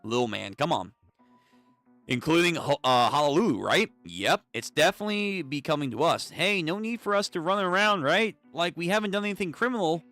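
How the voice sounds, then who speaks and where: A young man hosting a live comic read-through, reading all the parts in an animated, casual voice that swears freely. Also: fairly high pitch, fairly quick, dry recording, faint music behind. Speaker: streamer reading manga.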